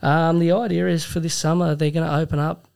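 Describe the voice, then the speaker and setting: A man's voice: fairly high pitch, flat delivery, brisk, vocal fry, a little mellow, clear, resonant tone. A young Australian man co-hosting a podcast, laid-back and swearing freely as he chats. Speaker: podcast co-host. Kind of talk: casual banter.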